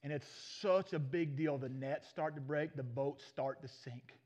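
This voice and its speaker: A male preacher, retelling Bible stories in a lively sermon and acting out the characters in folksy voices. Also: on the high side, a little slow. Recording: dull muffled recording.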